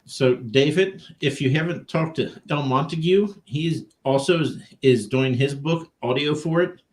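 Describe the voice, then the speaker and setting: A man's voice: fairly high pitch, unhurried. Plainspoken older man co-host. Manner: plainspoken, wry questions. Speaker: podcast co-host. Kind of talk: casual podcast chat.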